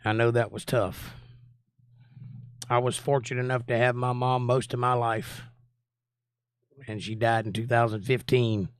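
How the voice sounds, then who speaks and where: A man's voice: mid-range voice, level tone, a little slow, pauses often, clear, resonant tone, no echo, clean studio sound. A man in his forties with a Southern US accent, hosting a livestream and chatting in a folksy way with viewers. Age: 40s. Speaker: host. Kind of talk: casual livestream chat.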